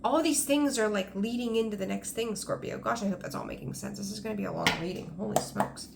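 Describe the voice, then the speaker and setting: Gravelly-voiced woman tarot reader. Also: mid-range voice, fast, background noise. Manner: rambling, enthusiastic, frequent ums. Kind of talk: casual tarot reading to camera.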